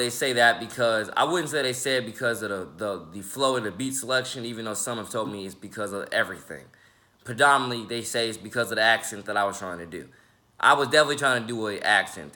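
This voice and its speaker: An independent rapper and YouTuber in his 20s talks casually to the camera in a vlog. His voice is low, pushed and bright, and he rambles, stumbles, repeats words and uses lots of fillers.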